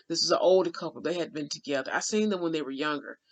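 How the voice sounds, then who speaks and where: A man's voice: a little high, lively intonation, fast talker. A man telling a rambling, heartfelt spiritual story in casual vlog talk, full of restarts and folksy asides. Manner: colloquial, drawling asides like "child" and "honey". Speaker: spiritual channeler.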